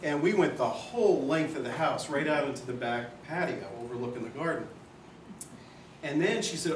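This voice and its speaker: A man's voice: on the high side, normal speed, background noise. A man giving a rambling, emotional memorial speech about a late friend at a gathering. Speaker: memorial speaker. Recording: roomy hall, far from mic.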